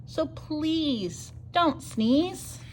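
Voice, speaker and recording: A woman's voice: medium pitch, expressive, normal speed, fairly bright tone, slight background noise, close to an everyday voice. A woman voicing a plump worried hippopotamus in a storybook, pleading.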